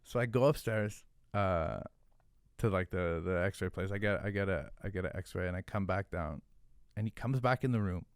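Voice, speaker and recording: Low-voiced man telling a story, dry sound. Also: normal speed, smooth, dry recording. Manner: animated, profane, filler-heavy, "like" every few words. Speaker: podcast guest. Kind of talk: casual storytelling.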